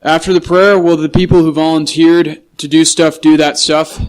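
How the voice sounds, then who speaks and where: Man chairing the meeting, fairly high, flat and smooth voice, halting over names. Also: poor audio. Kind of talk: reading closing announcements.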